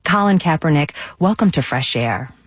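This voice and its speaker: A woman hosting a radio interview, calm and composed at a studio mic. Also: sits low, moderate pace, breathy edge, no room sound. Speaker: radio host.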